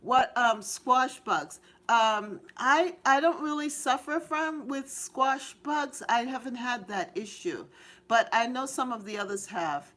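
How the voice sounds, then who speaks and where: A woman's voice: on the high side, slow, sharp tone. A middle-aged woman hosting a live gardening stream, chatting with viewers in a bubbly, giggly, cheering way. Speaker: gardening channel host.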